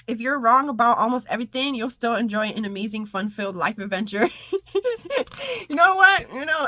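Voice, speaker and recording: A woman with a fairly high, bright voice gives an upbeat spiritual pep talk. She laughs often, breaks into squeals and runs her phrases together in rhythmic, repeating lists. The sound is close and dry. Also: no echo. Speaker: spiritual channel and motivational speaker.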